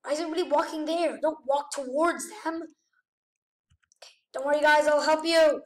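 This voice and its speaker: Excitable high-voiced woman gaming. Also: normal speed, reverberant, far from the mic. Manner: excitable, gasping, exclaiming. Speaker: gamer. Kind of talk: gameplay commentary.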